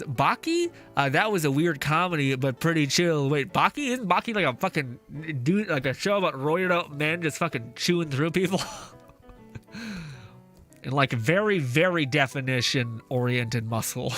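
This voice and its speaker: A man chats through a relaxed live stream as he plays, reading viewers' messages aloud and laughing between swears. His voice sits a little high for a man and sounds bright and forceful. Faint music plays quietly underneath. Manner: swears often, reads chat aloud, laughs easily. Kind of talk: casual live-stream chat while gaming. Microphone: face mask on while talking.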